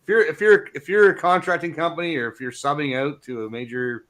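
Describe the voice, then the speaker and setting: A man's voice: a little high, lively intonation, fast talker, fairly bright tone. Blunt, profane man from Ontario. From Ontario, Canada. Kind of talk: casual chat.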